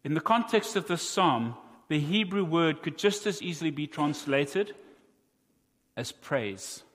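A man with a South African accent preaching a sermon, earnest and deliberate, with wry asides to his congregation. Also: a little high, a bit bright, big-room sound. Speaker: pastor.

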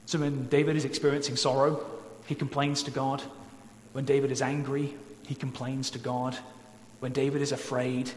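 A male pastor preaching in a church sanctuary, earnest and pleading. His voice rings with a long echo through the hall, and a faint hum sits underneath. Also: medium pitch. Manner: earnest, pleading, slows down to stress key points. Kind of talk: sermon.

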